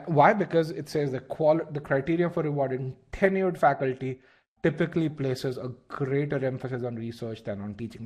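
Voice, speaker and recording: Male test-prep instructor, mid-pitch voice, leading a live webinar, quizzes his audience, often restarts phrases. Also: darkish tone. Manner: asks the audience questions and repeats key points.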